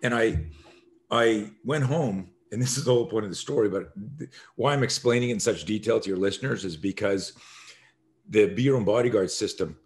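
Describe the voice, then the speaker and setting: A man with a fairly low voice tells a story as a podcast guest. He is an animated storyteller who acts out the scenes as he talks. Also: a little fast. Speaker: guest, self-defense expert.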